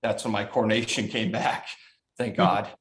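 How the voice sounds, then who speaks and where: A former hockey goalie in his thirties from Chicago's south suburbs in the USA tells stories in a casual, profane podcast chat, laughing often. His voice is lowish, with fairly even intonation and a moderate pace.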